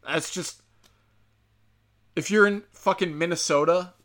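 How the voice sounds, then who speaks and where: A man's voice: sits high, unhurried, pauses often, a bit bright. A man delivering a heated, profane, sarcastic monologue straight to his listeners, mocking and scolding them. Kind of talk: ranting monologue.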